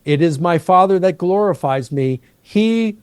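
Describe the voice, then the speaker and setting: A middle-aged man, a New Testament professor, patiently explaining Greek grammar and slowing down to stress key words. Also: fairly high pitch, expressive, a little mellow, dry recording.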